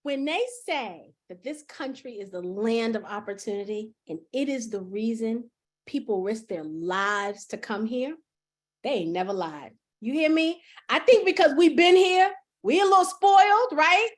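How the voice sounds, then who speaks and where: A woman's voice: on the high side, expressive, unhurried. A woman hosting a casual livestream chat, laughing often and calling her viewers y'all. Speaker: host.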